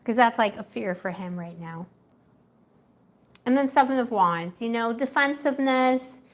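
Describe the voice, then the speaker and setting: A young woman with a fairly high, expressive voice gives a live tarot reading at an unhurried pace. She keeps it casual and chatty, laughing a lot and filling her speech with fillers.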